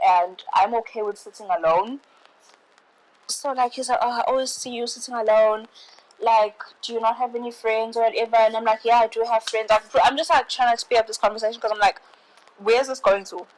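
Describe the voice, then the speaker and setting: A woman's voice: fairly high pitch, rough recording. A young woman telling a story in casual chat, full of "like" and "bro" and exasperated asides. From South Africa. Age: young adult. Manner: chatty, peppered with "like" and "bro"; exasperated, animated retelling. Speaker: host.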